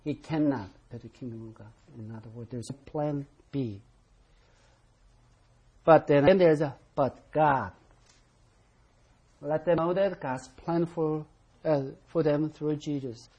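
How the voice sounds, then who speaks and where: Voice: medium pitch, a little slow, warm tone, slightly rough, dull audio. A Bible study teacher leading an interactive class, calling on members to read verses aloud and stressing key words with emphatic repetition.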